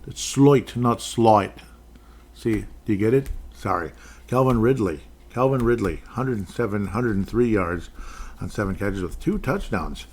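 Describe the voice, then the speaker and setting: A man's voice: on the low side, darkish tone. A man hosting a casual sports podcast, running through game stats with rambling, jokey asides. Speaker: podcast host.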